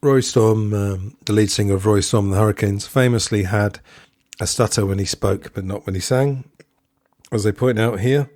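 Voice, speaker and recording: A man with a low-leaning, slightly mellow voice hosts a solo podcast film review at a moderate pace, recorded in studio quality with no echo. He thinks aloud, straying into digressions and side comments.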